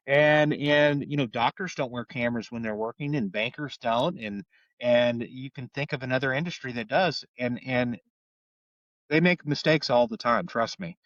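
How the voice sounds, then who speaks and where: A man's voice: medium pitch, moderate pace, fairly bright tone, no echo, distant mic. A middle-aged homicide detective with an Oklahoma accent talks earnestly and repeats words as he tells stories. His voice sits a little back from the mic. The room is dry, and the sound is slightly muffled. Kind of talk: podcast interview storytelling.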